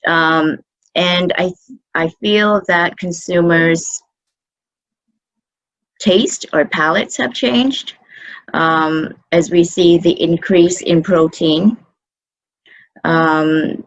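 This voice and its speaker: Low-voiced woman, measured and hesitant. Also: rough recording. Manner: measured, many fillers and restarts. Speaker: food service manager. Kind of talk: video interview answers.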